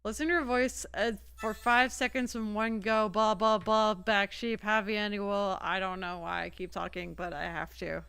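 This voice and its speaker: A woman's voice: medium pitch, fairly even intonation, moderate pace, gravelly, few pauses, fairly bright tone, smooth, no echo, faint music behind. A woman streaming a game casually, rambling and chatting with her viewers. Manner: rambling, chatty, talks to chat. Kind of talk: casual gameplay livestream chat.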